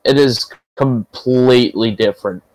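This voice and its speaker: A New Zealand man chatting as a player in a tabletop game. He talks slowly and laughs often. His voice is dry and close. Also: medium pitch, darkish tone, no echo, rough recording. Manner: laughs often, swears casually. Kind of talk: casual chat during a tabletop game.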